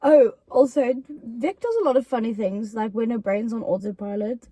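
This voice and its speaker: Young girl yapping, high-ish voice, mellow and dry. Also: moderate pace, slightly rough, no room sound. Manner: animated, quotes friend in put-on voices. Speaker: YouTuber co-host. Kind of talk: casual chat, storytelling.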